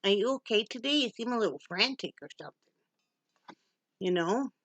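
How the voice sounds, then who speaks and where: A woman's voice: mid-range voice, expressive, fairly quick, fairly bright tone, dry recording, lo-fi sound. A middle-aged woman from Wyoming chatting casually in a home vlog, laughing often and cooing to her dog. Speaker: vlogger.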